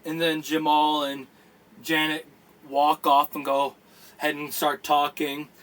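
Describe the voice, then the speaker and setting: A man narrating a tabletop game as dungeon master, in a halting, casual way with many fillers. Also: a little high, completely flat delivery, a bit bright.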